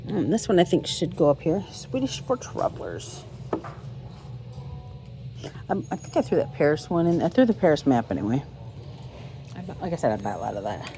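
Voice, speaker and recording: A woman's voice: low voice, big pitch swings, moderate pace, pauses often, mellow, slight background noise. A woman vlogging as she browses a thrift store, telling a rambling story with many ums and restarts, filming on a handheld phone.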